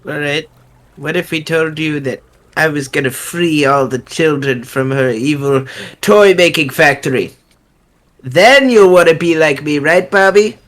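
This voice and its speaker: A man's voice: a little high, fairly bright tone. Cocky, joking man playing his character. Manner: cocky, joking, quick to laugh. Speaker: player. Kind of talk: in-character tabletop play.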